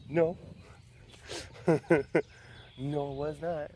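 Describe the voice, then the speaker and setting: A man's voice: fairly low pitch, animated, takes it slowly, long pauses, a bit bright. A man working as a big cat caretaker, chatting casually and playfully to the cats and the camera, teasing them, laughing often and using baby talk. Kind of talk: casual chat to animals and camera.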